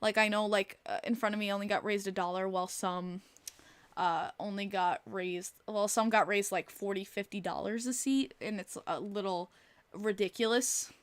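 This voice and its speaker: Blunt, animated New woman podcaster. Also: mid-range voice, moderate pace, smooth, dry recording. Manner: blunt, animated, swears freely, reads chat aloud. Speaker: podcast host. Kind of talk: casual live-stream podcast chat.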